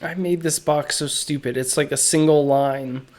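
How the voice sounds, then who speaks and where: A man streaming live as he draws, chatting casually in slow, musing, self-critical asides, his throat feeling a little off. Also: fairly high pitch, fairly even intonation, a little mellow. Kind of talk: casual live-stream chat while drawing.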